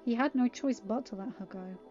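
A woman narrating a fan story aloud in a steady, expressive reading. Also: on the high side, brisk, highs cut off, soft background music. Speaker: reader.

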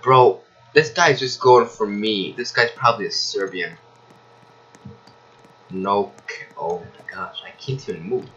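Young male game streamer, excitable, slow-paced between sudden yelps, faint hiss behind. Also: lowish voice, muffled recording. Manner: excitable, shouts and yelps of surprise. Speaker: gaming streamer. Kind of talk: casual gameplay commentary.

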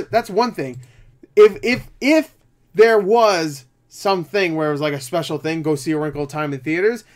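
Tired young man, casual box office chat, rambling, swearing, fairly high pitch. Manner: rambling, swears a lot, bursts into loud disbelief. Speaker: movie vlogger.

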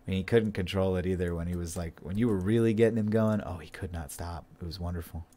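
A man's voice: sits low, fairly even intonation, fast talker, mellow. A man chatting casually on his livestream, rambling, swearing and laughing easily. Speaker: streamer editing his writing.

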